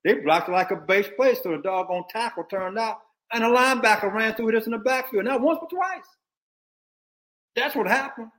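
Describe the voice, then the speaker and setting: Older man, ex-football coach, blunt and fired up, slightly high voice for a guy, talk podcast. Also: normal speed. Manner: animated, blunt and opinionated. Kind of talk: casual sports talk.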